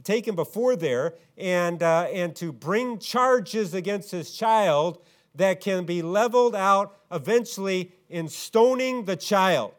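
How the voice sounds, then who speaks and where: Male preacher, fairly high voice, rhetorical questions, loud emphatic bursts and quiet low passages. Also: lively intonation, takes it slowly. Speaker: pastor. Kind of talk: sermon.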